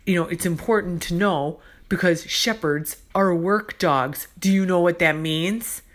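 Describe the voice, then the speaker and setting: A woman imitating a condescending middle-aged male dog trainer who asks slow, patronizing questions over the phone. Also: lowish voice.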